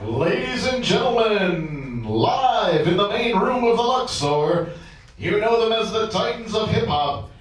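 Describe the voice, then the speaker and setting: A man's voice: sits high, big pitch swings, measured pace, recorded from a distance. A man playing a casino stage announcer giving a showman's introduction, recorded in a very echoey hall over music. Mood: announcing.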